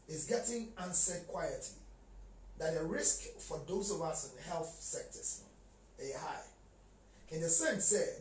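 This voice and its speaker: A man talking in a lively mix of Twi and English as a guest in a casual chat. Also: sits high, far from the mic, a little hiss or hum. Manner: animated, switches between Twi and English. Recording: echoey room, voice from off-mic.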